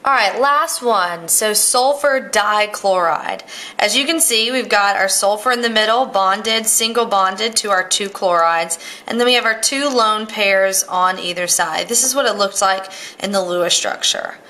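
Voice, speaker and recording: A woman's voice: medium pitch, measured pace, pushed and bright. A woman teaching chemistry, explaining a model step by step and checking in with "all right".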